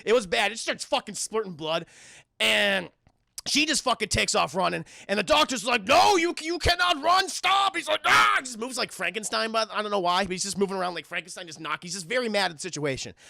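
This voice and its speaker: High gravelly profane streamer man. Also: quick pace, pushed and bright, dry recording. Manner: profane, rambling, many fillers. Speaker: streamer reviewing a film. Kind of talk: casual spoiler recap to chat.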